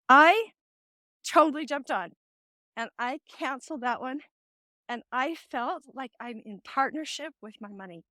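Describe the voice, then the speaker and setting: A middle-aged woman hosts a casual faith-based talk with a fairly high voice. She tells stories with animation and acts out the voices she quotes. The sound is close and dry. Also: lively intonation, unhurried, long pauses, fairly bright tone, no echo. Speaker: host.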